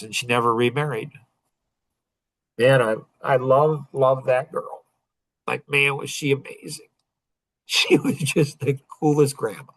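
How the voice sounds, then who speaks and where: A man's voice: mid-range voice, a bit bright, no room sound. Earnest rambling man telling a story. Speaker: self-improvement speaker. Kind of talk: personal storytelling talk.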